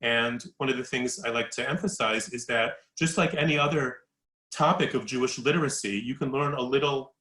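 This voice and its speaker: A man, an author, giving an educational talk in a halting way, hedging often. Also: mid-range voice, pushed and bright, roomy sound. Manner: halting, hedging, many fillers.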